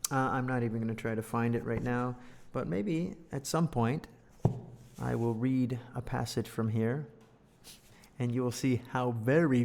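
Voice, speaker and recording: In a reverberant room, a man with a medium-pitched, creaky, darkish voice gives a playful, chatty English lesson. He reads through a storybook, jokes about its pictures, and laughs often, making it a casual lesson with commentary.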